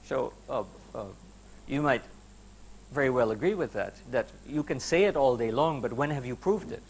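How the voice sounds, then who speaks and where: A man's voice: medium pitch, normal speed, a little hiss or hum. A man giving an academic lecture to students, emphatic and conversational, with rhetorical questions and some hesitation fillers. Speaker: university lecturer. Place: lecture hall.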